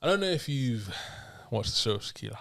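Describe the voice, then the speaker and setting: A man hosting a film review podcast in relaxed, rambling casual chat. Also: medium pitch, brisk, creaky. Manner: relaxed, rambling, many restarts. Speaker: podcast host.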